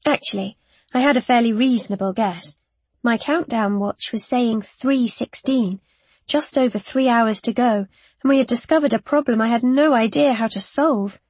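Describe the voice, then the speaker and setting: A woman narrating a first-person story in a measured, tense way. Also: fairly high pitch, a little mellow, husky, no echo. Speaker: audiobook narrator.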